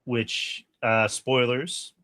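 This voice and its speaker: A man's voice: mid-range voice, very slow, no room sound. A man co-hosting a podcast, chatting casually about a horror film, swearing a lot and acting out lines from it. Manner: animated, swears a lot, acts out movie lines. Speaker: podcast co-host. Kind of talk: casual movie review chat.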